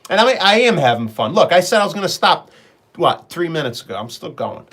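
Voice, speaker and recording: A man's voice: a little high, big pitch swings, a little fast, fairly bright tone. Chatty middle-aged man, rambling live-stream stories. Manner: rambling storyteller, talks to viewers by name. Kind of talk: casual chat on a live stream.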